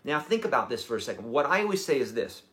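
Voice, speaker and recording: A man's voice: mid-range voice, very animated, quick pace, a bit bright. A man in his forties, a guitar teacher giving a casual, encouraging livestream lesson with chatty, self-deprecating asides. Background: guitar playing.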